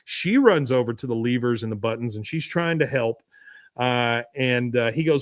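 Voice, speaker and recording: A man's voice: medium pitch, lively intonation, normal speed, no room sound. Casual man recapping on a dry close mic. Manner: rambling, filler-heavy storytelling. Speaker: podcast host. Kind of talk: casual episode recap on a livestream.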